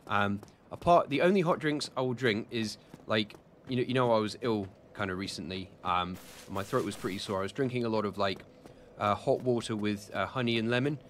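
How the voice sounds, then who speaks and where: A young British man with a fairly low voice talks casually to his live chat while he plays. He rambles, restarts his sentences and teases himself between questions. There is a faint hum behind him. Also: a little fast. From United Kingdom. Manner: rambling, self-deprecating, answers chat questions with many fillers. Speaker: gaming streamer. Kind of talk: casual live-stream commentary while playing.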